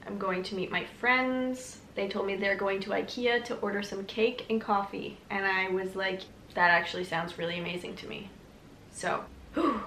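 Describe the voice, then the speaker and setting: A woman's voice: medium pitch, steady tone, normal speed, a bit bright, a little hiss or hum. Young woman vlogger, casual storyteller, rambling and chatty, echoey room.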